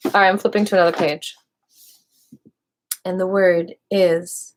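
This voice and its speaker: A woman hosting a live video, reading dictionary entries aloud with playful, musing asides to viewers and occasional soft whispers. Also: lowish voice, little pitch movement, measured pace, long pauses.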